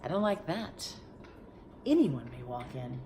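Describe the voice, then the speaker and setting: A woman voicing a polite, friendly male lion from a picture book, with a gentle, wondering manner. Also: a bass voice, very animated, unhurried, a little hiss or hum, voice pushed down, exaggerated voice. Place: at home.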